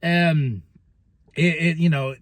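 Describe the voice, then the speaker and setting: A man hosting a podcast, recapping wrestling in a casual monologue, laughing often and slipping into quick mock voices when he quotes people. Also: a little high, steady tone, no room sound. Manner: laughs often, stumbles and restarts.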